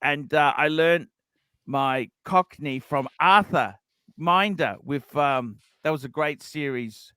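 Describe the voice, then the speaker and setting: A man's voice: fairly high pitch, slow, sharp tone, clear, resonant tone, no echo. A man hosting a casual livestream, reading out donations and rambling with many restarts. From Australia. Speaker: livestream host.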